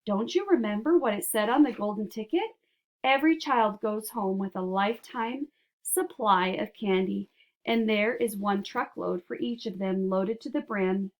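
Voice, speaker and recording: A woman voicing a cheerful, eccentric male candy maker who talks in brisk, emphatic bursts. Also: medium pitch, lightly acted.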